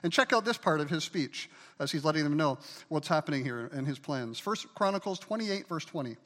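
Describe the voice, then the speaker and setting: Brief: man, pastor, high voice, emphatic sermon style, hall reverb. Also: expressive, brisk, fairly bright tone. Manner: emphatic preacher, calls for congregation to repeat words.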